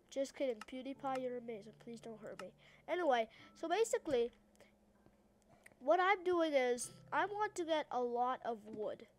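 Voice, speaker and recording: Hyper high-voiced Australian woman gamer. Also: a bit bright. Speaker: gaming YouTuber. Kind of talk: casual let's-play commentary.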